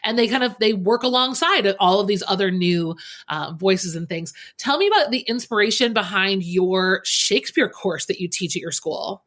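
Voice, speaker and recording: A woman's voice: mid-range voice, lively intonation, moderate pace, a bit bright. A woman hosting a podcast interview. She is enthusiastic and rambles a little as she sets up her questions, keeping the chat casual. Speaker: podcast host.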